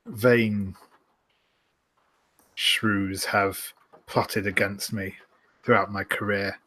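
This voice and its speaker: A man playing a tabletop game, speaking in character in a measured, proud way. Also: on the low side, flat delivery, bright, forceful tone. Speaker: player.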